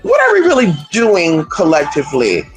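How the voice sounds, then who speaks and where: A livestream host rants straight to viewers, firing off rhetorical questions and cursing freely. The voice rides a wide, lively pitch range. Soft music hums underneath. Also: normal speed, low-quality recording. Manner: animated, rhetorical, with profanity. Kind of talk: livestream rant.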